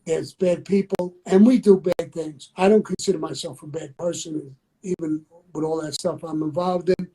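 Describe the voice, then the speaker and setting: A man's voice: a little high, steady tone, normal speed, mellow, slightly rough, rough recording. An older man, talking bluntly and candidly as an interview guest, repeating himself for emphasis. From New York. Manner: blunt, repetitive, conversational.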